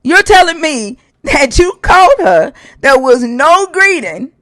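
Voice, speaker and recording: A man with a high, insistent voice cross-examines a caller on his live stream. He curses constantly and hammers the same question over and over. The sound is dry and close to the mic. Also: sing-song, measured pace, a bit bright, dry recording. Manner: profane, interrogating, repeats questions insistently. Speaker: stream host. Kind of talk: heated debate on a live stream.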